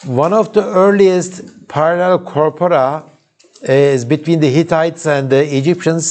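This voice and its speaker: In a live lecture hall recording, a man with a Turkish accent gives an informal university lecture. His voice is fairly high in pitch with a darkish tone, and he speaks at a measured pace. He often begins sentences again and makes asides to check in with the students.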